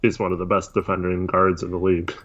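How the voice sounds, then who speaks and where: A man co-hosting a casual sports podcast, talking in a measured, hedging way. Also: low voice, level tone, husky. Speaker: podcast co-host. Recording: dull lo-fi mic.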